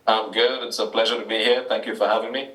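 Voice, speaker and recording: A lower-pitched man with a Trinidadian accent, speaking as an interview guest in an echoey room, set back from the microphone. He talks hesitantly, with many ums and restarts. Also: little pitch movement, fast, a bit bright, recorded from a distance, soft background music. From Trinidad and Tobago. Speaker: author, guest. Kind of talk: interview answers.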